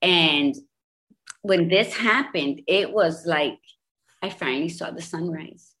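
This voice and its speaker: Low-voiced and speaking slowly, a fifty-something guest from Bridgeport, Connecticut, opens up in an interview. Her storytelling is animated and forceful, with repetition she uses to hammer her points home.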